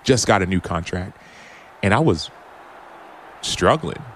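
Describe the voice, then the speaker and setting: Low-pitched, expressive, and unhurried, a man in his thirties who once played football shares a personal story as a podcast guest. He's earnest and open, reflective, retelling quotes and frequently starting over. A little hiss or hum is audible.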